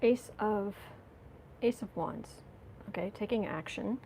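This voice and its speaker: A woman's voice: mid-range voice, takes it slowly, warm tone, a little hiss or hum. A woman giving a casual tarot reading, chatty and giggly, talking to viewers and to herself. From United States. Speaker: tarot reader.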